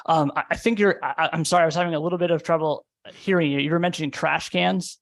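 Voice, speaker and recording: A man's voice: on the high side, fairly even intonation, quick pace, gravelly, a bit bright. A man, a deputy commissioner, answering questions at a public hearing with lots of fillers. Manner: hesitant, many fillers.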